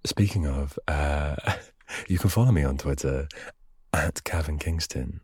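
A young man with a very low, husky voice chats on his own podcast, wandering into self-mocking asides as he reads. The sound is dry and close, with no room around it. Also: a little slow, a little mellow, no echo. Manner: rambling, self-mocking asides while reading aloud. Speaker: podcast host. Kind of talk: casual solo podcast chat.

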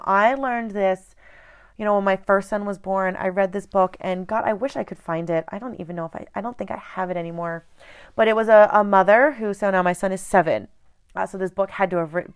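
Earnest woman with a smooth voice. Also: medium pitch, fairly quick. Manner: direct, earnest, conversational. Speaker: host. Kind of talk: casual motivational talk.

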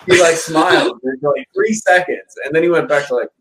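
Lively, teasing fishing guest. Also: male voice, on the high side, brisk, rough recording. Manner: teasing, jokey. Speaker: guest angler. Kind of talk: casual chat.

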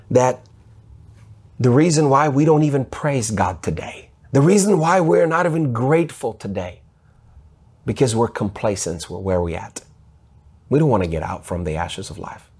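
A man preaching a sermon, reading scripture aloud and explaining it, rising in pitch as he gets stirred. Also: a little mellow, breathy edge.

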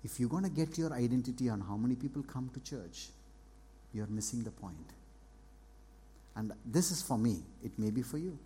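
A man preaching a sermon as a pastor, earnest and repetitive, moving between hushed and raised passages. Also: medium pitch, expressive, moderate pace, a little hiss or hum. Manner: earnest preaching, repeats phrases, swings between soft and loud.

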